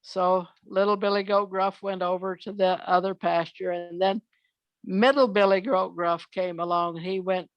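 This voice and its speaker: An older woman telling children's fairy tales from memory, unhurried, often pausing on "uh". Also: lowish voice, fairly even intonation, no room sound, muffled recording. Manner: unhurried, with frequent "uh" pauses. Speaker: storyteller.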